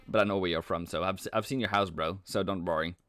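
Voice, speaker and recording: A man hosting a live trading stream, talking casually and playfully as he answers chat with frequent halting restarts. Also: deep voice, fairly even intonation, fairly bright tone, clean tone, dry recording, studio quality. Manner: chuckles often, halting restarts. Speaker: trading livestream host. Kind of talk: casual live market commentary.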